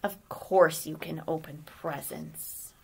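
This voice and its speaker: A woman's voice: sits low, fairly even intonation, takes it slowly, gravelly, slight background noise, voice pushed down, full character voice. A woman voicing a hardworking, patient little elf in a read-aloud storybook. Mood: sweet. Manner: sweet and patient.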